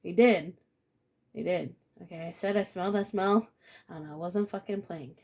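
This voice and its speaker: A woman's voice: on the low side, moderate pace, darkish tone. A woman giving a casual spiritual reading to camera, blunt and profane, repeating phrases and laughing often. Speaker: tarot reader.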